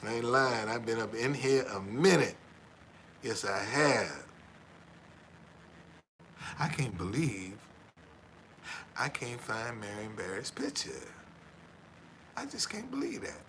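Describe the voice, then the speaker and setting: A man's voice: medium pitch, very animated, slow pace, long pauses, a bit bright, slight background noise, low-quality recording. A middle-aged man chatting casually on a livestream, rambling and repeating himself, tagging his lines with "man" and earnestly preaching about honesty. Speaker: tour guide and former van driver.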